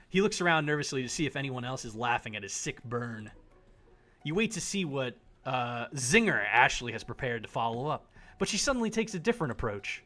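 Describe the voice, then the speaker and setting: A man streaming live, reading a visual novel aloud in a dramatic, animated way and laughing often. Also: medium pitch, fairly quick, faint music behind. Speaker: game streamer.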